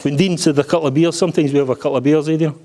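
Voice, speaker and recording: Joking Scottish dad giving a wedding speech. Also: male voice, on the high side, steady tone, rapid-fire, crowd noise. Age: middle-aged. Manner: joking, blunt, swears freely. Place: wedding reception hall.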